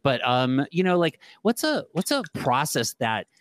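A man's voice: medium pitch, huge pitch swings, unhurried, fairly bright tone, a little hiss or hum. A man hosting a casual interview, asking curious, playful questions. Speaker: interview host.

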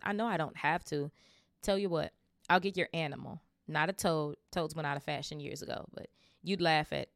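Hagrid, a woman doing a loud gruff groundskeeper. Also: deep voice, normal speed, no room sound, studio quality. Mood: kindly. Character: big gruff kindly male groundskeeper.

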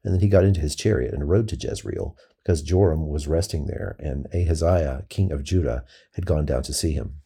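A man reads scripture at a steady, measured pace in a very low, gravelly voice with a creaky texture. His tone comes across as dark and husky.

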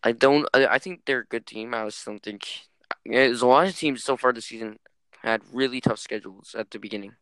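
A man's voice: mid-range voice, a little fast, fairly bright tone, clean tone, no echo. A man hosting a casual gaming chat, chatty and speculative, steering the talk with questions.

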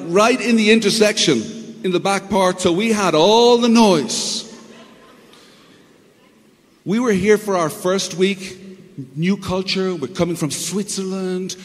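A man with a high voice delivers a sermon at a slow, deliberate pace. He tells stories in an animated way and acts out noises. The hall rings with a long reverb, and faint music sits underneath. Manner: animated storytelling, sound effects and imitations. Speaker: pastor.

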